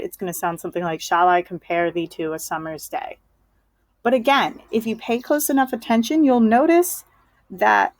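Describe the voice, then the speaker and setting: A woman's voice: on the high side, no echo. Patient woman teaching a poetry lesson. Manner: patient, checks in with okay and right.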